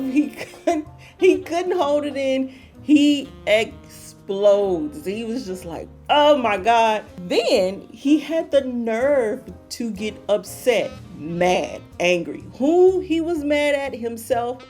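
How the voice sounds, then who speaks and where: A woman's voice: fairly high pitch, darkish tone. A woman hosting a book talk, retelling a story in a casual, playful way and repeating phrases for emphasis.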